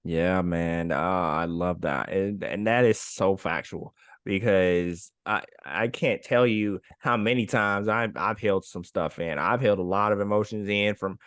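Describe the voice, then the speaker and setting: A man's voice: low-pitched, unhurried, fairly bright tone, clean tone, no echo, studio quality. A man co-hosting a podcast, speaking in an encouraging way and repeating phrases for emphasis. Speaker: podcast co-host. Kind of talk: casual heartfelt chat.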